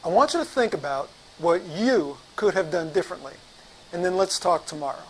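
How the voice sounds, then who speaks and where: A man voicing a calm, steady male sales manager who speaks in a soothing, low-key way. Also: brisk, a little hiss or hum, low-quality recording.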